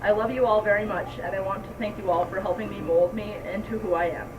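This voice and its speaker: A woman's voice: medium pitch, steady tone, quick pace, a crowd in the background. A teenage girl giving an emotional, tearful thank-you speech as a senior on her team. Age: teens. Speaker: senior student speaker. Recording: distant mic in noisy bowling alley.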